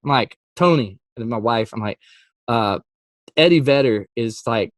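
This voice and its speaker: A mid-pitched man tells a story in a relaxed interview as a Christian music artist. He acts out every quote with leaps in pitch and laughs often. The sound is dry and close. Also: unhurried, no echo.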